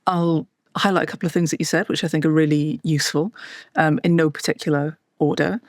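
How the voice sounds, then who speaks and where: A woman's voice: deep voice, fairly even intonation, fairly quick, dry recording, studio quality. A woman, a podcast guest, explaining ideas in a thoughtful conversational way with wry, self-deprecating asides.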